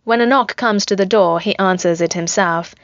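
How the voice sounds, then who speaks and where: A woman narrating a story in an even, measured reading voice. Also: mid-range voice, no room sound, lo-fi sound. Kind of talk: scripted narration of fan fiction.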